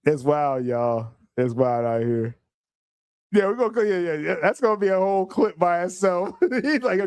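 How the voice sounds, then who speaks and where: Animated high-voiced man laughing through commentary. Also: slow pace, long pauses, dry recording, studio quality. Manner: laughs often, animated and mocking. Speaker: podcast host. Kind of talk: reaction commentary on a clip.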